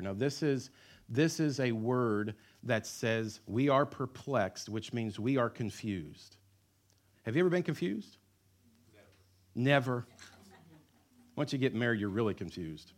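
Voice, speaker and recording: Middle-aged pastor preaching with joking asides. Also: male voice, medium pitch, animated, a little slow, long pauses. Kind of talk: sermon.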